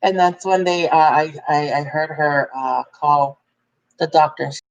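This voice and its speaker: A woman's voice: low-pitched, measured pace, dull audio. Chatty woman telling a personal story. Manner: chatty, animated when quoting others. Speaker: vlogger.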